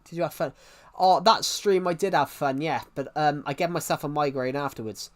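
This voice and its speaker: A man's voice: a little high, brisk. Rambling English male livestreamer. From England. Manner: rambling, many restarts, chatting to viewers. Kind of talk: casual live stream chat.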